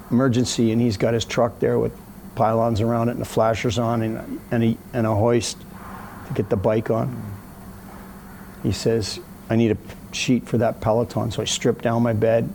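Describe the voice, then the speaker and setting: A man telling a story in a casual interview, animated, acting out the other people's voices as he goes. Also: medium pitch, gravelly, a little hiss or hum.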